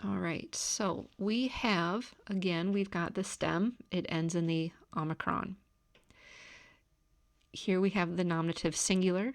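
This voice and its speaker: A woman giving a recorded grammar lecture, calmly explaining step by step. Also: fairly low pitch, unhurried, no echo, clean studio sound. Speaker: teacher. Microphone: camera.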